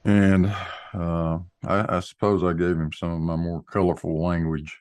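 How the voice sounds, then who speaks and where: Deep voiced guy in a chat stream, blunt, swears a lot. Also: flat delivery, normal speed, darkish tone, smooth. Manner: blunt and profane, heated. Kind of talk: casual group chat on a live stream.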